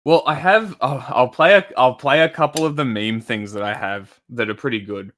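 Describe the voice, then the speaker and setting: A man's voice: mid-range voice, moderate pace, fairly bright tone, a little hiss or hum. A man chatting casually on a live stream, rambling and swearing, with lots of restarts and fillers. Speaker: livestreamer commenting on news.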